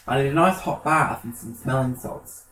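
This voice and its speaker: A man's voice: medium pitch, moderate pace, bright, forceful tone, reverberant, distant mic, poor audio. A man co-hosting a podcast, telling camp gossipy stories with plenty of swearing. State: feeling unwell. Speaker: podcast co-host. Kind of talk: casual chat.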